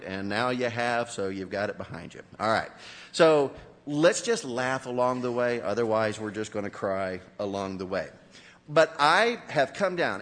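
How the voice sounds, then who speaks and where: Lively, joking male pastor preaching. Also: medium pitch, long reverb tail. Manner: animated, joking, talks to the congregation. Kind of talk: sermon. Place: church.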